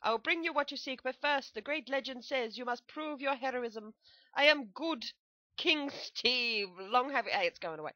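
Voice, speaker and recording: A grandiose fantasy king hands out a heroic quest in a mock-solemn, slightly raised tone, as a woman reads him out. The voice sounds bright and clear, with a dry, close sound. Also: high-pitched, moderate pace, dry recording, pitched above the performer's own voice, poor audio.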